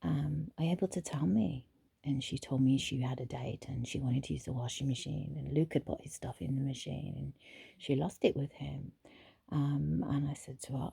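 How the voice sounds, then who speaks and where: A woman therapist telling a story casually, in a soft, hesitant way with frequent whispered asides. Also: extremely low pitch, steady tone, normal speed, vocal fry, husky, dry recording.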